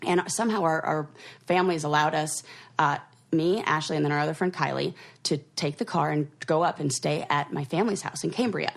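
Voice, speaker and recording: A woman's voice: deep voice, brisk, vocal fry. A woman co-hosting a podcast in casual chat, talking loosely with lots of fillers and trailing sentences. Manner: chatty, many fillers, trails off. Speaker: podcast co-host.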